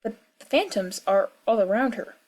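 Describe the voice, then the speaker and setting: A woman's voice: medium pitch, lively intonation, normal speed, a little mellow. A young woman casually talking through game lore, musing and thinking aloud with fillers. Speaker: video creator.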